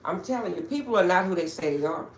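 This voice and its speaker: An older woman hosting a casual livestream from her phone, telling stories in a chatty, animated way. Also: fairly low pitch, slight background noise. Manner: chatty, animated storytelling, drawn-out asides. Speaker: livestream host.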